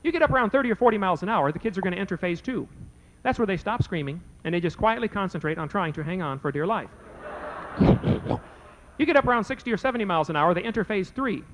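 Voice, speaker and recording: A man's voice: high-pitched, lively intonation, fast, a bit bright, slight background noise, rough recording. A man debating before a live audience, telling a folksy story and acting out both sides of a conversation. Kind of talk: anecdote told to a live audience.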